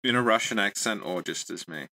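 A man co-hosting a casual podcast chat, jokey and quick to laugh. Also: lowish voice, pushed and bright, a little hiss or hum. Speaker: podcast co-host.

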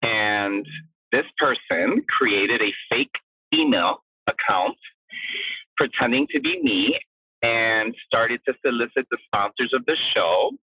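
A man with a husky, breathy voice tells a long story as a guest, his pitch sitting in the middle of the range for a man. He is animated, acts out each quote, and keeps tossing in "blah, blah, blah." The sound is dry and thin, like a phone line. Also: no room sound. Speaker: guest, drag performer. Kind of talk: casual storytelling interview.

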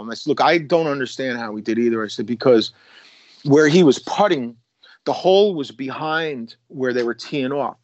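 A man's voice: mid-range voice, normal speed, no echo, muffled recording. A man, a former police officer, casually telling a long story with many restarts and acted-out quotes. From United States.

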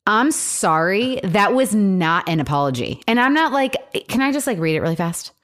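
A young adult woman co-hosting a casual talk show, talking in a heated, animated way with lots of "like". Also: mid-range voice, moderate pace. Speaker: podcast host. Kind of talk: casual chat.

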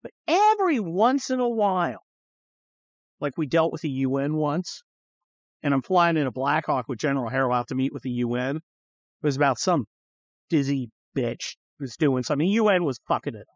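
A middle-aged man hosting a podcast, telling stories in a profane, animated way and acting out the people he quotes. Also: fairly high pitch, normal speed, no room sound. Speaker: podcast host. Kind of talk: casual storytelling chat. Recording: slightly dull, dry studio sound.

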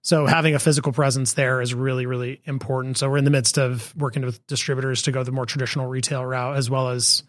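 A man, a company co-founder and CEO, answering interview questions in a measured, explanatory way with frequent fillers. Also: mid-range voice, little pitch movement, no echo, clean studio sound. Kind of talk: conversational podcast interview.

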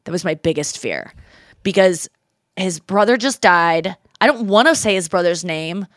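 A woman in her thirties hosting a podcast, telling stories in a casual, animated way and quoting people in her own voice. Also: on the low side, moderate pace, no room sound, studio quality. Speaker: podcast host. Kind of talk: casual chat.

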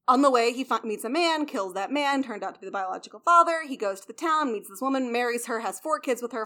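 A young adult woman hosting a casual explanatory talk, chatty, blunt and swearing now and then. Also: on the high side. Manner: chatty, swears, lively emphasis.

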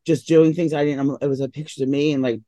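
A man's voice: on the high side, steady tone, fast, dark tone, no echo, lo-fi sound. A man co-hosting a casual chat podcast, rambling with lots of fillers and sounding just woken up. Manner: rambling, full of "like" and "um", sleepy and yawning. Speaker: podcast co-host.

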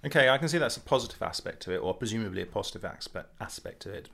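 Gravelly-voiced British host. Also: male voice, on the low side, lively intonation, rapid-fire, sharp tone. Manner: probing, challenging. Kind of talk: moderating a discussion.

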